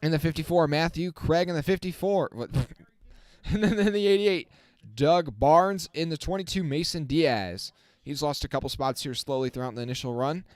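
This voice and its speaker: A man giving casual live-stream race commentary as the channel host, chatting with his viewers and getting excited on the restarts. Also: a little high, moderate pace, no room sound. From not from the South. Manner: self-correcting, talks to the chat.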